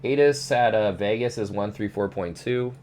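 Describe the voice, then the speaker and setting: At normal speed and with a fairly low voice, a young man chats easily during a flight sim stream, cursing now and then. "Dude" comes up often, and slight background noise is present.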